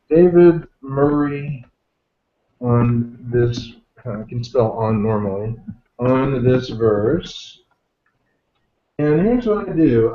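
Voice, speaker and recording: A man walks through a software demo in a lively, jokey way and pokes fun at himself as he goes. The sound is roomy and a bit dull, like an online call. His pitch sits in the middle range. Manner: lively, self-deprecating, jokey explainer. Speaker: guest software expert. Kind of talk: screen-share software demo.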